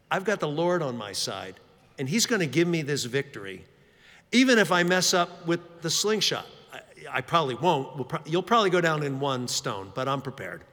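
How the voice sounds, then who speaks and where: A man's voice: on the high side, bright, forceful tone. A man voicing a confident young shepherd defying a giant, in a sermon in a church hall.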